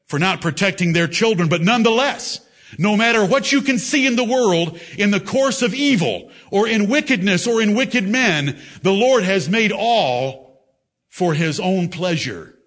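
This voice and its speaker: Guy preaching a sermon, pretty high voice, leans hard on the scripture lines. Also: lively intonation, measured pace, fairly bright tone. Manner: emphatic King James scripture reading. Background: congregation responses.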